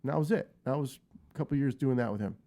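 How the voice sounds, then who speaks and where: A man's voice: mid-range voice, fast. Man in his fifties telling stories. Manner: lively anecdotal, frequent restarts. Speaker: guest guitarist. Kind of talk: casual interview storytelling.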